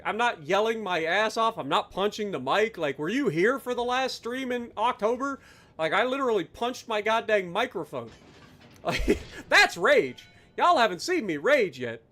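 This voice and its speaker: A man streaming live gameplay, ranting loudly and sarcastically at his teammates between calm play-by-play commentary. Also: high voice, moderate pace. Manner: loud, exasperated ranting with sarcastic asides.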